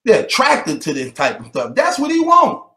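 A man's voice: high-pitched, wildly swooping pitch, moderate pace, bright, forceful tone, reverberant. A man delivering a mocking rant to the camera, taunting and repeating his jabs and breaking into laughter between them.

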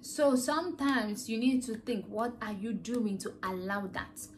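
A woman's voice: a little high, unhurried, a little hiss or hum. A woman host giving an earnest, rambling motivational talk full of rhetorical questions. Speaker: podcast host.

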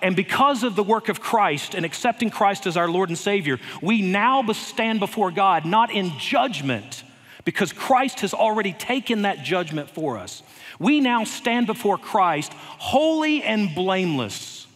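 A man preaching a sermon in a church, earnest and unhurried, with light touches of humor. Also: high voice, very animated, a bit bright. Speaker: head of school preaching. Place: church sanctuary. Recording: long reverb of a church hall.

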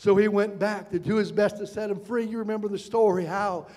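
A male pastor preaching a sermon, building from calm storytelling to shouted, impassioned passages. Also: high-pitched, a little fast. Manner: preaching with rising shouted passages and dramatic quotes. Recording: reverberant church hall.

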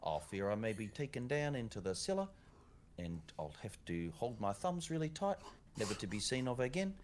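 A man's voice: medium pitch, sing-song, moderate pace, a little hiss or hum, natural voice. A man voicing a frightened young female castle maid in a put-on Irish accent, dramatic and whimpering. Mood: fearful.

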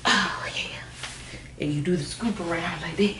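A young adult woman doing a casual shapewear try-on for her viewers, chatty and animated, calling them girl and y'all, often jumping into high excited squeals. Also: normal speed, background noise. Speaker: beauty vlogger reviewing shapewear. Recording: echoey room.

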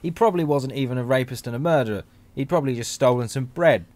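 A man's voice: medium pitch, fast talker, darkish tone. A man giving chatty, rambling let's-play commentary as a gaming channel host, joking and laughing often.

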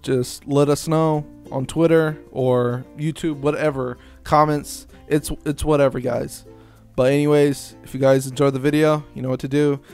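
A young man speaks to viewers in an earnest, rambling way. His pitch barely moves and stays flat throughout. Faint music plays beneath his voice. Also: moderate pace. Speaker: vlogger's friend. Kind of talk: casual earnest address.

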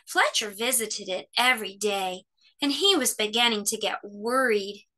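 A woman hosting children's story time, reading a picture book aloud with expressive, animated storytelling. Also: medium pitch, normal speed.

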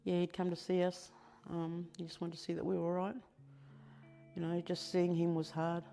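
Older Australian woman, interviewee; dark, gravelly tone, quiet and reflective. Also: lowish voice, monotone, normal speed, faint music behind. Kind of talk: documentary interview recollection.

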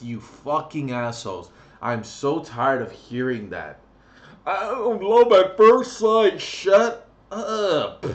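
Male vlogger, profane rant, blunt mocking tone, crude talk, middle-pitched voice. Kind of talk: ranting vlog monologue.

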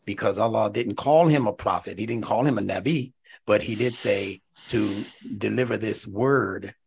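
Gravelly-voiced man lecturing a class. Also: lowish voice, normal speed. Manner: animated, teacherly, rising to emphatic peaks, checks with "right?". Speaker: instructor.

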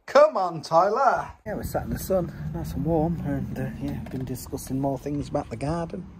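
A man's voice: a little fast, very noisy. A middle-aged man chatting casually to camera in a family vlog, teasing his kids and pets. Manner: chatty, teasing, lively swings into high sing-song voice with pets and kids. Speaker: vlogger, father. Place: home garden outdoors.

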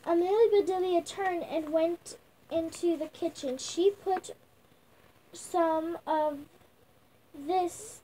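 A woman's voice: extremely high pitch, slow, long pauses, warm tone, a little hiss or hum, rough recording. A young girl reading a picture book aloud at home, sounding out words with restarts. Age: child. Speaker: young reader.

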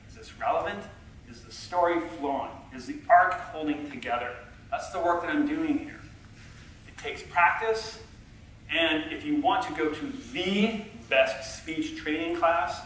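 A middle-aged man giving a conference talk from a stage, a self-confessed low talker who is chatty and self-deprecating and talks back and forth with the audience. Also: fairly bright tone, a little hiss or hum. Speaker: conference speaker. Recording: echoey hall, heard from far off.

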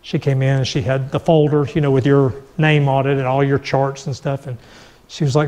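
A man's voice: mid-range voice, flat delivery, a little fast, a little mellow, long reverb tail. A middle-aged man sharing a personal faith testimony, acting out the dialogue as he tells it. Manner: storytelling, acts out quoted dialogue. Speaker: guest.

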